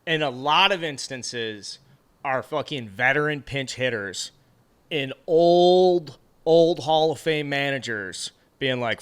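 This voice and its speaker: A man co-hosting a baseball chat show, telling long rambling stories full of animated asides. His voice is bright and forceful, with a crisp, smooth resonance. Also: medium pitch, slow. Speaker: podcast co-host. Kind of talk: casual sports chat.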